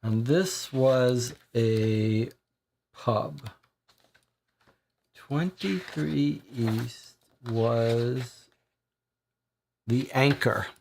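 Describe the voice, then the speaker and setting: Slow, gravelly board game reader. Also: medium pitch, darkish tone, slight background noise. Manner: slow, deliberate, thinking aloud. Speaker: board game player reading the case aloud. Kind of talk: reading a game's case text aloud.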